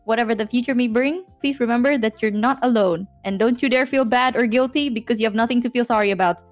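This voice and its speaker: A woman's voice: fairly high pitch, quick pace, faint music behind. A young woman from Southeast Asia chatting casually on a stream call, teasing and then reading a heartfelt letter aloud. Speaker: guest streamer.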